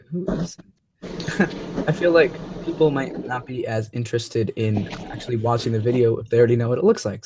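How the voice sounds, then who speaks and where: A man's voice: mid-range voice, noisy background. Rambling young male live-stream host. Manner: rambling, many fillers and restarts. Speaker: host of a live toy-review show. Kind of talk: casual live-stream chat.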